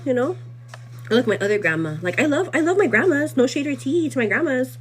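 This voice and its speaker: A young woman with a fairly high voice gossips her way through a live vlog, rambling and circling back with constant "like" and "you know what I mean." She gets animated and laughs easily, her pitch jumping up when something riles her. Faint music plays behind her. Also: fast. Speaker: livestream host. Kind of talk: casual chatty live vlog.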